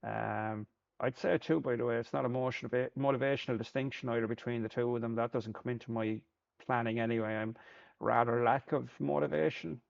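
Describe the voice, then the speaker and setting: A man's voice: medium pitch, steady tone, a little fast, gravelly, dull audio. A man, a Paralympic sport shooter, talking through his thoughts in a plain-spoken reflective monologue, often repeating words as he thinks.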